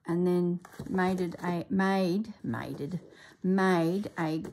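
A woman's voice: lowish voice, steady tone, takes it slowly, a little mellow, slight background noise. A woman chatting casually as she reviews a craft book, exclaiming and thinking aloud, often trailing off mid-sentence.

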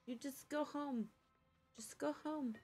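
A woman's voice: high voice, takes it slowly, a little mellow, soft background music. A woman co-streaming, giggling and coaching the player through a fight. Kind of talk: casual gameplay chat.

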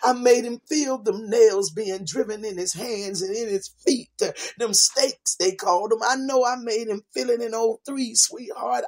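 A woman's voice: on the high side, breathy edge. A woman preacher giving an informal sermon, repeating her lines for emphasis and calling listeners sweetheart and baby.

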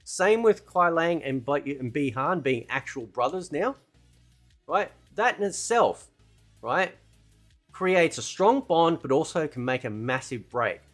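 A man's voice: fairly high pitch, lively intonation, a little slow, a bit bright, faint music behind. A man giving casual, rambling opinion commentary as a gaming channel host, often tagging "right?" and "man" onto his sentences.

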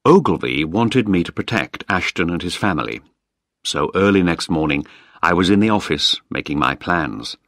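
A man reads a story aloud in a deep voice that rises and falls expressively. He is close to the mic in a dry, dead-quiet space, clear and measured for learners. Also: lively intonation, no echo. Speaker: narrator. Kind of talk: graded reader audiobook.

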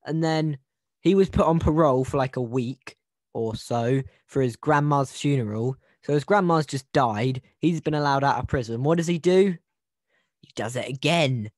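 A medium-pitched, slightly mellow man speaks at normal speed as the host of a laid-back video-call podcast, recounting a true-crime case with jokes, digressions, and plenty of restarts. It's recorded in clean studio sound without room tone.

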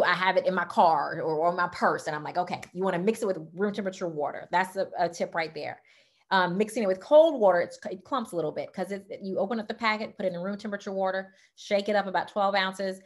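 A Southern-accented woman from Louisiana who gives an excitable, chatty talk about wellness products, peppering it with y'all and okay. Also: medium pitch. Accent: Southern American. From Louisiana, United States. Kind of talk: casual product talk to camera.

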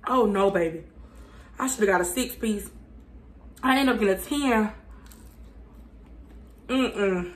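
A woman reviewing fast food on her channel. She chats casually with viewers, talks with her mouth full and hums between bites because the food is burning her mouth. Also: on the high side, a bit bright. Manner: chatty, addresses viewers as y'all, hums while eating.

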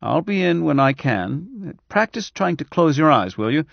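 A man voicing a harried doctor who has a cold, brisk and coaxing, a little impatient. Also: fairly high pitch, very animated, gravelly, dry recording, highs cut off, voice pushed up, full character voice.

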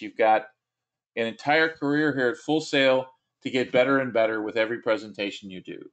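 A man's voice: fairly low pitch, vocal fry, fairly bright tone. A male instructor giving a recorded course lecture, talking in a conversational, encouraging way with frequent fillers and restarts.

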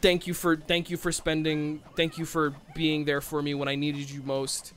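A man's voice: a little high, completely flat delivery, normal speed, music in the background, natural voice. A man voicing a dying male pony shapeshifter who is dramatic and unhinged, delivered in a melodramatic, mock-sincere way. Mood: tender.

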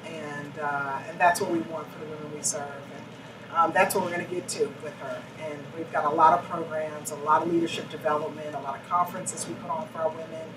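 A woman, a chief executive, answering questions in a live panel interview with animated storytelling. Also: low-pitched. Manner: animated storytelling, acts out quoted voices. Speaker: CEO interviewed on stage. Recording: echoey room, distant mic, noisy.

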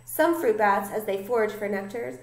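A woman reading a children's picture book aloud in an expressive way, doing a voice for each animal. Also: medium pitch, normal speed, roomy sound. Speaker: storybook reader.

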